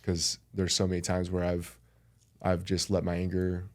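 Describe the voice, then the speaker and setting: A man's voice: low-pitched, monotone, moderate pace. A man talking as a podcast guest in a casual conversation, earnest and reflective.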